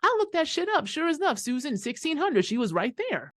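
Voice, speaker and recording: A woman's voice: high voice, very animated, a little fast, a bit bright, no echo, clean studio sound. A woman hosting a podcast, telling a personal story in a casual, emphatic and profane way. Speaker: podcast host.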